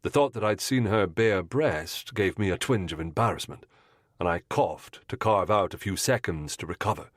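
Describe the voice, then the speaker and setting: Low-voiced male audiobook narrator. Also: moderate pace, no echo, clean studio sound. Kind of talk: scripted first-person narration.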